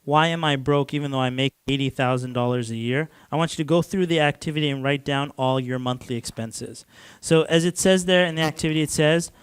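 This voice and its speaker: A man's voice: a little high, fairly quick, clean tone. A man from Canada giving a casual lecture to a class, talking loosely with lots of "like" and restarts and chuckling often.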